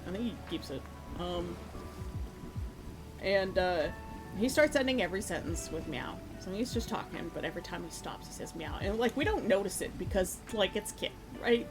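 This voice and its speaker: A woman's voice: on the low side, normal speed. A woman streamer telling a story in a casual way while she paints, laughing often and acting out the voices of the people in it. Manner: animated, laughing, acts out quoted voices. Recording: lo-fi music playing underneath. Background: lo-fi music.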